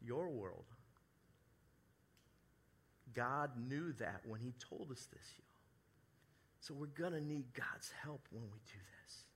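Male pastor at a church service, bright and forceful voice, animated delivery that drops to hushed asides. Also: mid-range voice, slow pace, pauses often, slightly rough. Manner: animated, shifts between loud emphasis and soft hushed asides; acts out quoted apologies in his own voice. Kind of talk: sermon.

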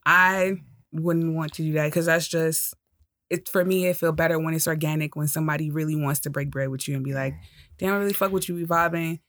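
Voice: medium pitch, fairly even intonation, brisk, fairly bright tone, dry recording, clean studio sound. A podcast co-host in casual chat, talking in long rambling turns and laughing easily.

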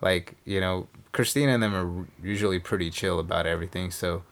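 A man with a fairly low voice, co-hosting a casual podcast. He tells stories with a lot of energy, acts out what everyone said, and swears offhandedly. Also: fairly quick. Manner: animated storyteller, acts out quotes, swears casually. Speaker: podcast co-host. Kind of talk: casual storytelling chat.

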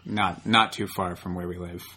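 A man's voice: low-pitched, steady tone, moderate pace, a loud crowd. A man co-hosting a podcast, recapping a movie plot in casual chat, often restarting his sentences and agreeing along. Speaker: podcast co-host.

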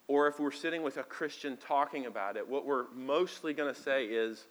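A man preaching a sermon as pastor, talking conversationally and moving between quiet asides and loud, emphatic lines. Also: medium pitch, a little fast, few pauses. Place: church sanctuary.

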